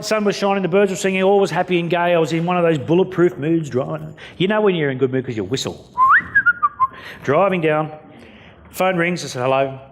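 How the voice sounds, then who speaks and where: An Australian man giving a keynote speech, telling stories in a jokey, blunt way. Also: a little high. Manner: jokey, blunt, story-driven. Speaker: keynote speaker.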